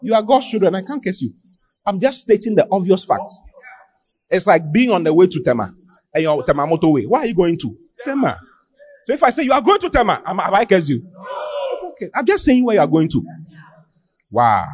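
A man's voice: high-pitched, very animated, brisk, long pauses, darkish tone, slightly rough. A man preaching a sermon, emphatic, repeating phrases and firing rhetorical questions at the congregation. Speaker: pastor.

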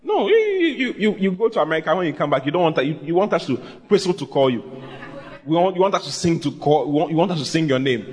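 Male pastor, slightly high voice, playful and animated, call-and-response preaching. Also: fast talker. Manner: animated and humorous, with teasing asides and repeated phrases. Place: church with a live congregation.

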